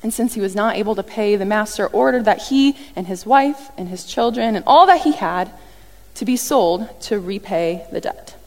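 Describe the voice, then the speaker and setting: A woman preaching a sermon in a lively, conversational way, often acting out what people said. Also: medium pitch, moderate pace. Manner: animated, conversational, acts out quotes. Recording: long reverb from a large hall.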